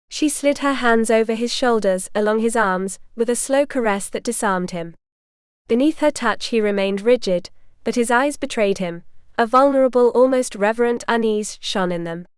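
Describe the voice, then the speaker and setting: A woman narrating a historical romance audiobook in a calm, even storytelling manner. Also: fairly high pitch, clear, resonant tone, no room sound, clean studio sound.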